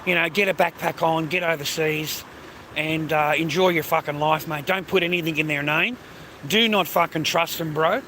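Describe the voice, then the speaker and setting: Australian bloke with a high voice, ranting to camera, foul-mouthed and repetitive, loud traffic behind. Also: male voice, steady tone, normal speed. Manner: heavy swearing, repetitive, keeps calling listeners mate and bro. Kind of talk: ranting monologue to viewers.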